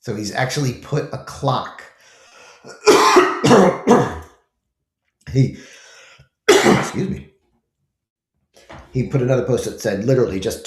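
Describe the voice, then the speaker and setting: A man's voice: mid-range voice, very animated, slow, long pauses, reverberant. A man hosting his own show, giving casual commentary with emphatic rhetorical questions to his viewers. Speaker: host.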